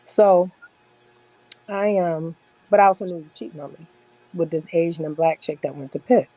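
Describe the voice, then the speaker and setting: A woman's voice: on the low side, normal speed, warm tone, no echo, low-quality recording. A woman in her forties telling stories in a casual chat as a podcast guest, blunt, boastful and full of profanity.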